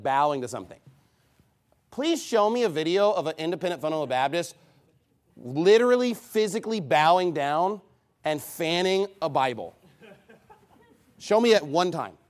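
A man preaching a heated, combative sermon, scornful of his opponents. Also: high voice.

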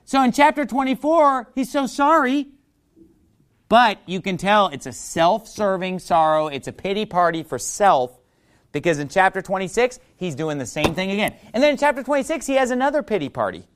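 A man's voice: high voice, sing-song, moderate pace, fairly bright tone. A male preacher teaching from the Bible in a sermon, reading scripture aloud and asking the audience questions.

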